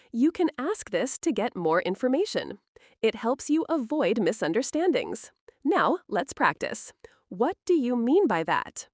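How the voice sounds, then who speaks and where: A woman with a fairly high, lively voice leads a scripted English lesson at a deliberately slow pace. She speaks clearly and encouragingly, with no room sound around her. The recording is dry and close. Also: no room sound. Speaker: English teacher.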